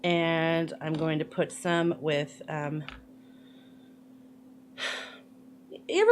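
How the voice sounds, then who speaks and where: A woman's voice: sits low, fairly even intonation, very slow, pauses often, slight background noise. A woman chatting casually through a makeup tutorial, rambling with lots of fillers and playful asides. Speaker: makeup vlogger.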